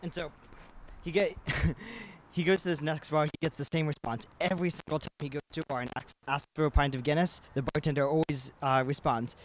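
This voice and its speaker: A man's voice: fairly high pitch, steady tone, brisk, slight background noise. A young man telling a long joke outdoors into a handheld mic, loose and rambling. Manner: rambling, loose storytelling with many fillers. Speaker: student on a campus broadcast. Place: outdoors on a campus.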